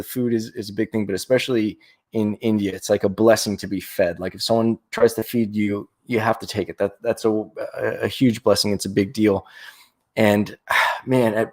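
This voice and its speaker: A young man from Florida chatting casually on a livestream, rambling and restarting his sentences a lot. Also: fairly low pitch. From Florida, USA. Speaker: livestream host. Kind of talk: casual live-stream chat.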